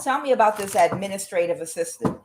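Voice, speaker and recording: A woman giving a tarot reading as an angry, profane rant, mocking the people she blames and filling pauses with "uh". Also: mid-range voice, lively intonation, background noise. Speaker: tarot reader. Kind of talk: ranting tarot reading monologue.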